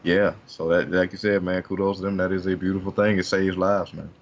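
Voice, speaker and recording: A man's voice: sits low, little pitch movement, a little fast, muffled recording, a little hiss or hum. A man co-hosting a podcast in casual chat, easygoing and supportive, answering in short remarks. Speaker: podcast co-host.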